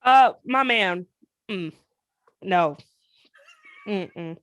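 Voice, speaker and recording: A woman's voice: mid-range voice, animated, a little slow, a bit bright, no echo, studio quality. A woman playing a tabletop game, voicing her character in blunt, slangy, streetwise talk. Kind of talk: in-character tabletop role-play.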